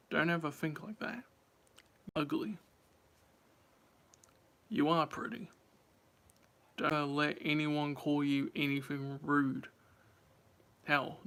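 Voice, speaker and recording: A man's voice: fairly high pitch, fairly bright tone. A man chatting casually on a live stream, rambling and talking straight to his viewers.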